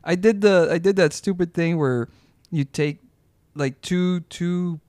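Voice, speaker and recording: A man's voice: high voice, a little slow, darkish tone, no echo. A man co-hosting a podcast, telling stories in a casual chat, laughing often and acting out the voices of people he quotes. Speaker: podcast co-host.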